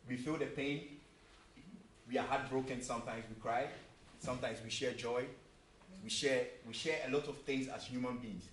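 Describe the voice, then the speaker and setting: Here the preacher's medium-pitched voice stays fairly even and moves at an ordinary pace as he earnestly repeats himself, asks rhetorical questions, and tells a joke. The church-hall recording is distant and echoey, with a faint hum underneath.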